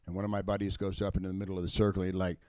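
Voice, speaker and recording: A man's voice: low-pitched, little pitch movement, racing, dark tone, no echo. A middle-aged man telling a raw personal story, emotional and blunt, with swearing. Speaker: storyteller at a live event.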